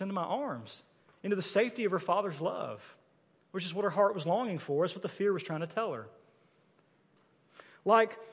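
High-voiced man preaching in a reverberant church. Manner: conversational preaching with frequent "like". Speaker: pastor. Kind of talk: sermon. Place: church sanctuary.

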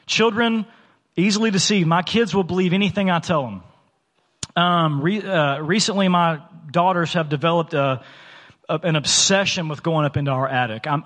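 A man's voice: fairly high pitch, a bit bright, in a large hall. A man in his thirties preaching a sermon as a church pastor, talking in a conversational, earnest way with many fillers and restarts. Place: church sanctuary.

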